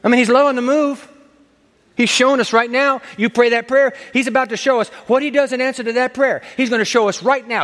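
A man preaching a sermon as pastor, animated and acting out the voices of the people in the story. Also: extremely high pitch, fairly quick, big-room sound. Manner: animated, acts out voices of Jesus and the woman.

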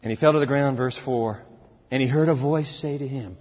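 A man preaching a sermon in a large church hall, dramatic and emphatic, swinging from loud to hushed and adding sound effects. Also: medium pitch, a little fast. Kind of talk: sermon, expository Bible teaching. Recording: reverberant hall, dull lo-fi sound.

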